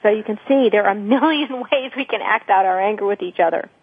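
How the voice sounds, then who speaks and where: A woman working as a couples therapist, explaining and acting out examples of anger in a lively, teaching way. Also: mid-range voice, fast, breathy edge, no echo. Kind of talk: radio talk. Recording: dry phone-line radio sound.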